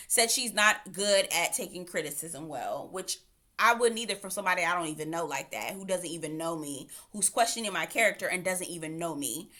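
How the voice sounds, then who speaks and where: A woman's voice: on the low side, bright, forceful tone. A woman giving a casual, opinionated recap of a reality dating show, with sassy asides. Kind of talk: casual recap and commentary vlog.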